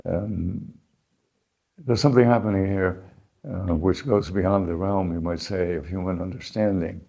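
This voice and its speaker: An older American man telling his life story in an unhurried, reflective way, pausing and restarting as he remembers. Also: deep voice, steady tone, creaky, warm tone. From United States. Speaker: interviewee, founding principal.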